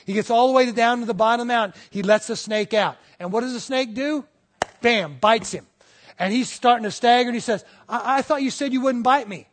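Brisk and very high-pitched, this man is a pastor giving a sermon in a chatty style. He keeps checking in with his listeners, and he likes to tell small stories and perform the different voices within them.

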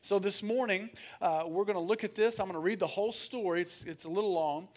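A man preaching a sermon as pastor, energetic, calling on the congregation to answer and reading scripture aloud with frequent fillers. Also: high-pitched, brisk. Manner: energetic, calls for congregation responses.

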